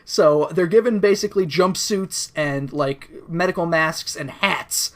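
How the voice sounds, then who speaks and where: A woman's voice: fairly low pitch, unhurried. A woman co-hosting a podcast, recapping a cartoon in casual chat, laughing often and acting out characters' lines. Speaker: podcast co-host.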